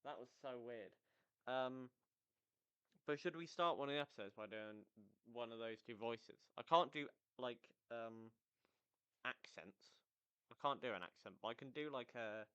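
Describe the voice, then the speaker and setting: A young man chats loosely about football in a smooth, resonant voice, sitting close to his mic. He rambles, trips over his words and laughs at himself. The recording sounds a little dull and lo-fi. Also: medium pitch, moderate pace, pushed and bright. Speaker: football podcast host. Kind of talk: casual unscripted chat.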